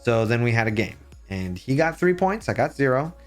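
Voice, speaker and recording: A man streaming live, chatting casually with his viewers and telling rambling, animated stories. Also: mid-range voice, a little fast, faint music behind. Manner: rambling, animated storytelling with chat shout-outs.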